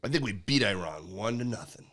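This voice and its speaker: A man's voice: fairly low pitch, lively intonation, a little fast, fairly bright tone. Joking man on a comedy podcast. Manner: joking, teasing interjections. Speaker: podcast co-host. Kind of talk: casual comedy podcast chat.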